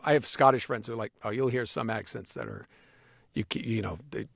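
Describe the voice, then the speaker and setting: A man, a voice actor, talking as a guest in a casual interview, animated and full of restarts, now and then sliding into accents. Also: fairly low pitch, a little fast, gravelly, no room sound, studio quality. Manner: animated, slips into accents and impressions, many restarts.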